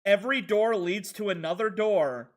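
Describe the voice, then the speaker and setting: High-voiced man chatting through gameplay. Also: normal speed. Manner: rambling, self-talking while playing, chatting with viewers. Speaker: streamer. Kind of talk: casual gameplay commentary.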